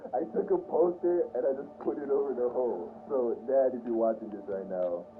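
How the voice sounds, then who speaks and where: A young man, a YouTuber, telling a personal story in a casual, animated, profane way. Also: medium pitch, moderate pace. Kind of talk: storytime vlog. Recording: tinny phone-like sound with faint hiss.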